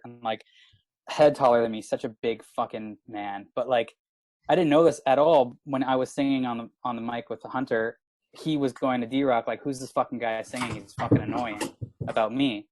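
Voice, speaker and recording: A Canadian comedian in his thirties, speaking in a mid-range voice, tells a rowdy story as a guest in casual podcast chat. He's animated, swears, and says "like" constantly; the recording is dry and rough.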